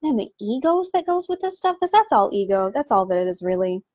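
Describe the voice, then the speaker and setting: A woman's voice: on the high side, sing-song, fast, a little mellow, no room sound. A woman hosting a casual podcast, ranting in an exasperated, sarcastic way with lots of "like". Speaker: podcast host.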